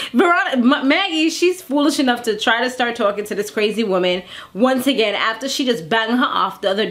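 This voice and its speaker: A woman chatting casually through a TV episode recap, laughing often and acting out the characters' lines. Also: fairly high pitch. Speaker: TV recap vlogger.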